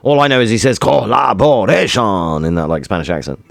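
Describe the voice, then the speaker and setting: A man's voice: on the low side, very animated, a little fast, vocal fry, no room sound, studio quality. A male streamer chatting casually with his viewers, joking around and swearing a lot. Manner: joking, swearing, reacting to chat. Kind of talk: casual live-stream chat.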